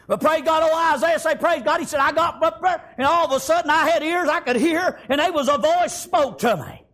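A man preaching a fervent revival sermon, often shouting and punctuating with "amen" and "praise God". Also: very high voice, brisk.

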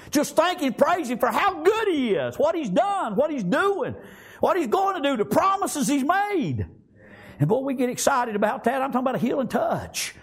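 Man, preacher, sermon, very high voice, husky, lively pitch swings. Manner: fervent, repeats amen and praise God often.

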